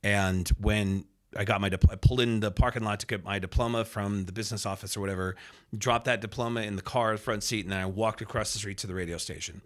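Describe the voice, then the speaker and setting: A radio host and sports announcer in his fifties from Reno, Nevada, tells stories as a podcast guest in a casual interview. He talks fast in a lowish voice, animated and acting out the people he describes, with plenty of fillers.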